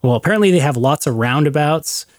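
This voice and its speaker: A man's voice: on the high side, lively intonation, fast, dry recording, clean studio sound. A man hosting a casual interview, asking rambling questions full of fillers. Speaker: podcast host.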